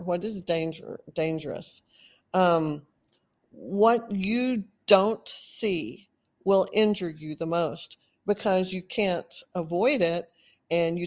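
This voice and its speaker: A woman with a Texan accent speaks as the host of her own podcast. Her voice sits low and she moves slowly, leaning earnestly on each word of a list. It is a solo talk with no one else in the room. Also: darkish tone. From Texas. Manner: earnest, emphatic with lists and drawn-out stresses.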